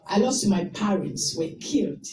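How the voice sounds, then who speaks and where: A woman from Rwanda giving an emotional tribute speech at a memorial, rising at times to loud exclamations. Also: mid-range voice, animated, unhurried. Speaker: invited speaker at a memorial. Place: indoor event hall. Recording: echoey hall recorded from far off with crowd. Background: crowd of attendees.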